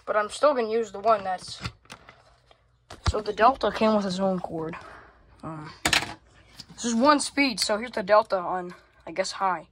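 A woman's voice: medium pitch, measured pace, long pauses. A woman casually narrating a home vlog while fumbling with gear and cursing often, recorded on a phone. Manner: rambling, swears a lot, fumbles with gear. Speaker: fan collector vlogger. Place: home room. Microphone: phone camera. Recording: phone video with loud fan noise behind.

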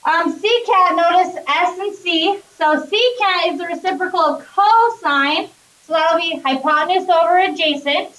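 A woman's voice: extremely high pitch, normal speed, fairly bright tone. A woman math teacher giving a classroom lecture, upbeat and often checking in with her students. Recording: echoey classroom, voice from a distance.

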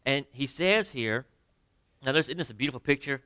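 A man preaching a sermon to his congregation, emphatic, with sudden drops to near quiet and direct questions to the listeners. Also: mid-range voice, expressive, moderate pace, dry recording. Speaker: pastor. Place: church sanctuary.

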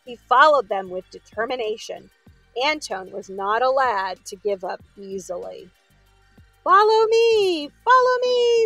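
A woman reading a children's story aloud in an expressive way, with asides to her listeners. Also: medium pitch, creaky, slightly rough, dry recording, rough recording.

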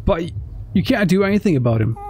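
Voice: medium pitch, sing-song, quick pace, a crowd in the background, close to an everyday voice. A gamer voicing a cheerful but evasive teddy bear that gives vague, breezy reassurances.

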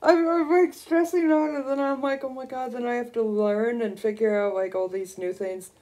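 A young woman streaming a video game, gushing and excitable as she squeals over new items. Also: on the high side, normal speed. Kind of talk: casual gameplay commentary.

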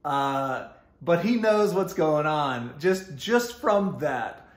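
A man's voice: fairly high pitch, lively intonation, slow pace. A man with a Texan accent tells a story from his youth in a loose, rambling way. He stumbles through fillers and restarts and laughs as he goes. His voice rings a little in an echoey room. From Texas. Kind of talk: casual storytelling.

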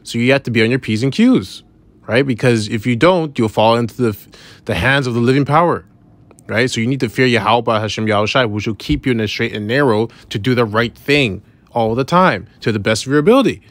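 A man giving an informal scripture lesson, reading verses slowly and then explaining them in casual talk, checking in with "right?" after nearly every point. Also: medium pitch, dry recording. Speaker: bible teacher.

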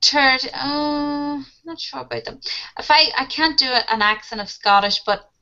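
A woman's voice: high voice, fairly even intonation, normal speed, sharp tone, lo-fi sound. A woman teaching an online English class, chatting casually and laughing as she talks about TV shows. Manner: chatty, laughs often, addresses students as guys.

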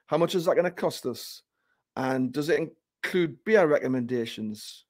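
A man's voice: medium pitch, lively intonation, normal speed, close to an everyday voice. A man doing a broad Newcastle accent, playing a pally family man with local slang. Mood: chummy. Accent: Newcastle (Geordie). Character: chatty Geordie dad booking a family tour.

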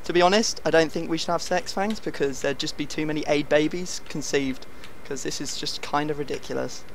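A man's voice: on the high side, fairly quick, vocal fry, a little hiss or hum. Teasing young man commentating a game. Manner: teasing, jokey, swings into loud excited shouts. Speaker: gaming channel host. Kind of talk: excited match commentary over a video game.

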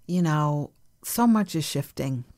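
Soft-spoken woman hosting a gentle podcast. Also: sits low, expressive, takes it slowly, no room sound, clean studio sound. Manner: soft, nurturing, laughs easily, drifts into whispers. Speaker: podcast host. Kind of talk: gentle spiritual podcast chat.

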